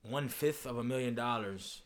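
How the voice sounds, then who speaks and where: A man's voice: medium pitch, moderate pace. A young man co-hosting a podcast, talking in loose, profane banter full of fillers. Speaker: podcast co-host. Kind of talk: casual chat.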